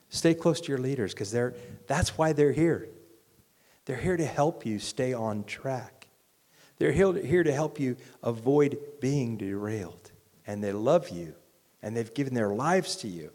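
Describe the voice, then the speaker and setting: A man preaching a sermon as pastor, earnest and conversational, swinging from loud urging to quiet reflection. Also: medium pitch, normal speed. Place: church hall. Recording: long reverb of a large church hall.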